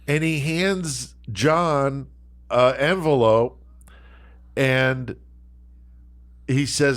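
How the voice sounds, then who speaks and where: A man's voice: mid-range voice, extremely slow, long pauses, fairly bright tone. A man on a podcast telling a long, profane, laughing anecdote and acting out the quotes. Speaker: podcast co-host. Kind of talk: casual storytelling.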